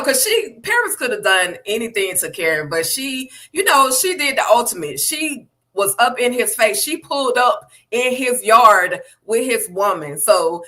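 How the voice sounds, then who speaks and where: A woman's voice: on the high side, pushed and bright. A woman panelist on a video call, chatting casually about a TV episode with lots of "you know".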